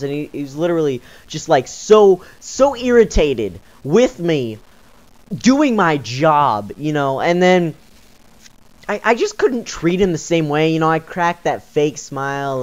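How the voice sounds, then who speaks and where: A man's voice: on the high side, big pitch swings, measured pace, dull audio. A young man telling a story in a casual vlog, rambling with many fillers and sounding exasperated. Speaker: YouTuber.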